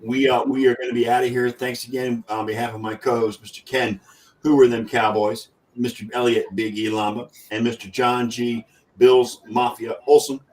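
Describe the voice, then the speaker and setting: A man's voice: mid-range voice, flat delivery, normal speed, darkish tone, recorded from a distance. A man hosting a casual sports talk show, rambling and restarting his sentences as he wraps up. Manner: rambling, self-correcting. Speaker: podcast host.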